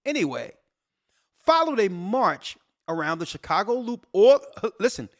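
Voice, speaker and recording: Reacting to a news article, this church elder and show host speaks in a lively preaching style, posing rhetorical questions and hammering points again and again. He sounds high-pitched and unhurried.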